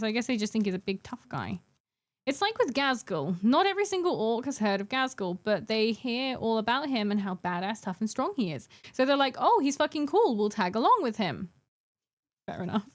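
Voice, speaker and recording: A young adult woman chatting casually with her live-stream chat while painting miniatures, giggling and bantering playfully. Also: fairly high pitch.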